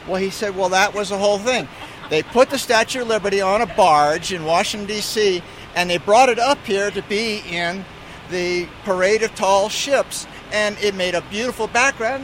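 High-voiced male pilot, traffic noise. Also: normal speed, low-quality recording. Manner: relaxed storyteller, amused, some restarts. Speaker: airline pilot. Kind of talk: casual anecdote telling.

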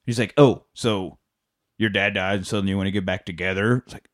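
A man's voice: low-pitched, steady tone, brisk. A man in casual chat, retelling a movie's plot in a rambling way, swearing and acting out the characters' lines. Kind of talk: casual chat recapping a film.

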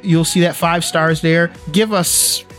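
A man's voice: on the high side, steady tone, slow, a bit bright, soft background music. A man co-hosting a faith-based podcast, speaking earnestly and emphatically, often restarting and repeating words. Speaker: podcast co-host.

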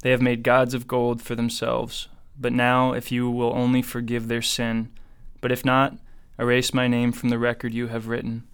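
Moses, a grave male leader pleading for his people, read by a man. The voice is very smooth and resonant, with a pitch that stays almost level. It comes across as a steady scripture reading. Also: close to an everyday voice. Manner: even, measured reading delivery.

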